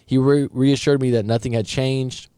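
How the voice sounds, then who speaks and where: A man's voice: mid-range voice, steady tone, moderate pace, mellow, smooth, no room sound. A man, a breakup coach, reads out a viewer's story and comments on it in a casual, direct way, sometimes stumbling over his words. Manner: casual and direct, thinks aloud, some stumbles.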